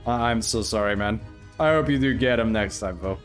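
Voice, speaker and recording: A man's voice: fairly low pitch, brisk, faint music behind. A man streaming a video game live, chatting casually, joking and laughing as he talks back to his viewers. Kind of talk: casual live gameplay commentary.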